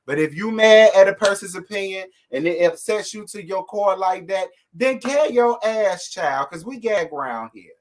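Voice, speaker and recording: A man hosting a casual live stream rants at his audience, sassy, fired-up and blunt, cursing freely. His voice is high with lively intonation, at a moderate pace with hardly any pauses.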